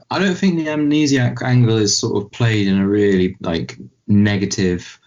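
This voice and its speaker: A man co-hosting a podcast, chatting casually and rambling about a film with animated asides. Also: on the low side, normal speed. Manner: rambling, animated, mimics voices in quotes. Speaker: podcast co-host. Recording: dull lo-fi podcast mic.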